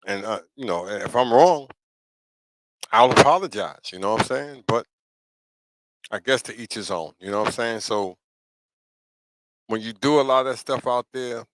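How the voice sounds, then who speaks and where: Poor, dry audio captures a mid-range male voice at normal speed with frequent pauses. A middle-aged man with a New York accent hosts a live talk show, delivering a casual, preachy livestream monologue and asking viewers "you know what I'm saying?" again and again.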